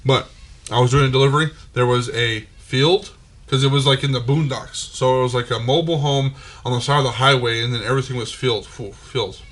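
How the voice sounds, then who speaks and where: A podcast host with a drawl, talking in an ordinary middle-pitched voice. He rambles through a story, peppering it with curses and fillers, and keeps checking in with his listeners. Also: fairly quick. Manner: profane, animated storytelling with many fillers. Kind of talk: casual storytelling.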